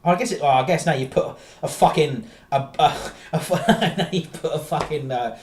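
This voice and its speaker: A woman's voice: deep voice, moderate pace, a little mellow, roomy sound, slight background noise. A woman streamer ranting profanely in exasperated reaction commentary.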